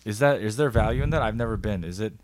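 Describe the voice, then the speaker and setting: A man's voice: on the low side, fast, a little mellow, no room sound. A man in his thirties co-hosting a podcast in casual chat, playful and teasing, firing off questions. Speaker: podcast co-host.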